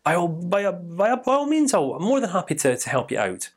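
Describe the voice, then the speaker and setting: A brisk, matter-of-fact doctor, as a man plays him, rattling off routine questions. His voice is fairly high and swings up and down. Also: very animated, husky, exaggerated voice.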